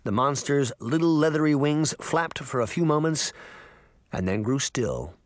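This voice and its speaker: Animated male audiobook narrator. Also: a little high, unhurried, no room sound, clean studio sound. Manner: lively, expressive reading. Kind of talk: storytelling narration.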